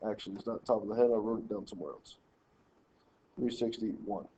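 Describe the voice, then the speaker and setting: A man's voice: fairly low pitch, very fast, mellow, slightly rough, dull audio. A man teaching a math lesson, working through problems step by step and telling students how to lay out their work. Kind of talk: screen-recorded math lesson walkthrough.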